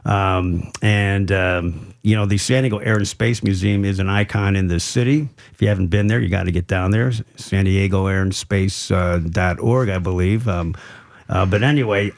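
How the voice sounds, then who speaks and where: A man's voice: lowish voice, normal speed. A man co-hosting a talk radio show from a studio, chatting casually with lots of fillers and restarts. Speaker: radio co-host and producer.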